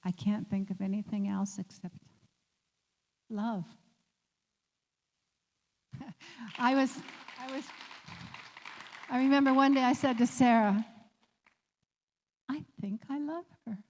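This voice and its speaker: A woman sharing a heartfelt personal story as a guest, laughing often and growing animated as she recalls. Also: a little high, slow pace, long pauses, in a large hall. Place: community office room.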